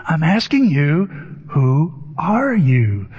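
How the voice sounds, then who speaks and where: A preacher acting out a smug therapist who presses his patient with slow, insistent questions in a lowered voice. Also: wildly swooping pitch, darkish tone, slightly rough, exaggerated voice. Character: smug probing male therapist, low and drawling. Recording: dull echoey hall sound.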